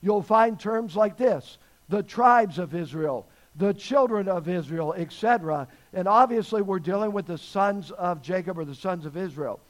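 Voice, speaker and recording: High-voiced guy preaching a sermon, emphatic, keeps asking the church questions. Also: rough recording. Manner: emphatic, asks the congregation questions. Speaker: pastor.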